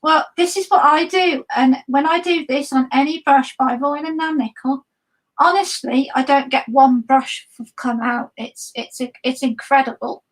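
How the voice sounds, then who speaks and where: A high-pitched woman talks through her painting brushes on a live stream. She rambles casually, full of ums and restarts, in an easy chat. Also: unhurried, poor audio. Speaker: guest watercolor artist.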